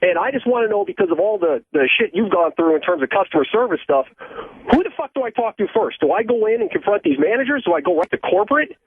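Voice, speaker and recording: A male caller from Ohio on a tinny, dry phone line. His voice is high, husky and lively in pitch as he tells an agitated, profane story. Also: fast, dry recording.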